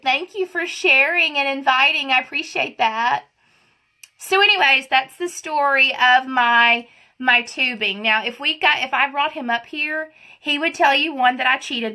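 A woman's voice: high voice, sharp tone. A woman chatting casually on a livestream, greeting viewers by name and giggling as she tells a story. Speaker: livestream host. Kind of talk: casual live chat while doing makeup.

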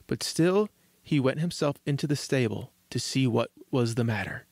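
A man reads a fairy tale aloud as host of a children's story show, measured and gentle. His voice sits at an ordinary pitch. The recording is close and dry. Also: animated, no echo. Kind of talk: scripted storybook narration.

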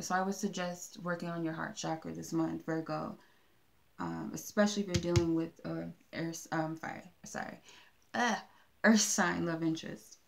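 A woman's voice: on the low side, vocal fry. A woman giving a casual tarot card reading, talking in a meandering way with many fillers and restarts. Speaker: tarot reader.

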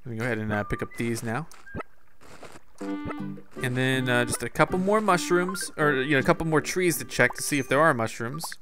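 A man hosting a gaming video, chatting casually as he plays, thinking out loud and addressing his viewers as "guys". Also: mid-range voice, animated, fairly quick, over music. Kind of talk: casual gameplay commentary.

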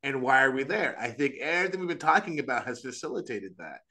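A man speaking as an Orthodox priest on a podcast, earnest and animated, with frequent restarts and quick asides. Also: mid-range voice. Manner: earnest, animated, acts out quoted voices. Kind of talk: casual religious discussion.

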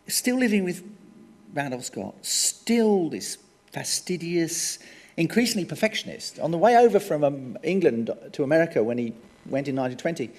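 A man giving a public lecture, an animated storyteller with frequent ums and wry asides. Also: a little high. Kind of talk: public lecture on film history. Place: lecture hall. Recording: long hall reverb.

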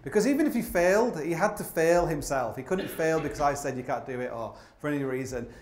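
A man tells rambling, self-mocking stories from a theatre stage, his voice sitting a little high for a man. His talk is thick with "like" and restarts. The stage mic picks him up in a roomy hall with plenty of echo. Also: animated, brisk, a little mellow. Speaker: climber giving a live stage talk. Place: opera house stage. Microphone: stage microphone.

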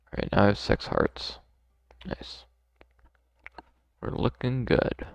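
A man's voice: on the low side, fairly even intonation, takes it slowly, creaky, dry recording. A man playing a video game, casually commenting and joking as he goes. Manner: laid-back, joking, mutters to himself. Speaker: gamer. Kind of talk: let's play commentary.

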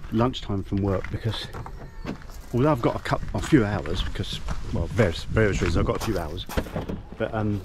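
A man's voice: lowish voice, normal speed, background noise. A man talking casually to camera as a caravan vlogger, rambling and self-deprecating. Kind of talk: casual vlog chat. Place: outdoors at a campsite in cold weather.

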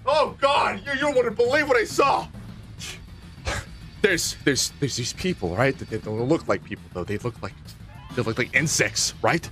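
A man's voice: mid-range voice, very animated, normal speed, fairly bright tone, faint music behind. A man playing a rattled survivor babbling about insect monsters in a jittery, rambling way. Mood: panicked.

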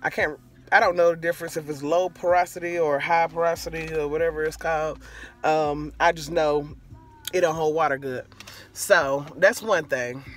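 A woman's voice: low voice, steady tone, moderate pace. A young woman vlogger telling a rambling, profane storytime rant, drifting off track and back. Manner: rambling, profane, easily sidetracked.

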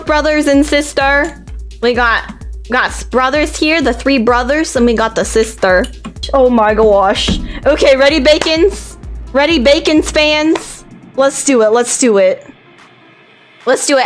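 An excited young-sounding streamer, a woman with a slightly high voice, hyping up her chat and repeating herself with playful energy. Faint music plays under her casual stream talk.

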